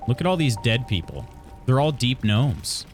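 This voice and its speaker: A man's voice: mid-range voice, sing-song, normal speed, soft background music. A man from Illinois casually chatting while streaming a video game, reading chat aloud and laughing often.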